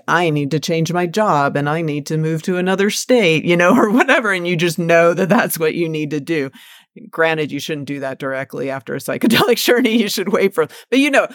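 A woman hosting a podcast, talking in a relaxed, conversational way and thinking aloud through examples as she steers the topic. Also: sits low, no echo, studio quality.

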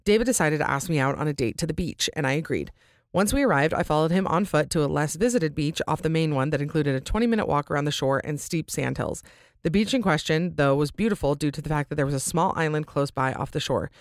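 A young woman hosting a podcast, reading listener stories and chatting casually, full of "like" and quick jumps in pitch, now and then clearing her throat. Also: no room sound, studio quality. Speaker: podcast host.

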